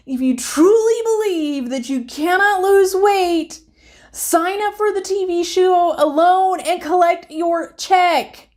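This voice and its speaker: A woman's voice: very high voice, takes it slowly, a little mellow. A woman reviewing a reality TV episode in a casual, chatty way. She grows emphatic and heated as she rants.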